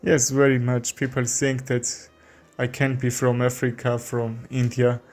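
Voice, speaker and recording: A man from Armenia with an Armenian accent, a chess streamer commenting live in halting English with many fillers. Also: mid-range voice, monotone.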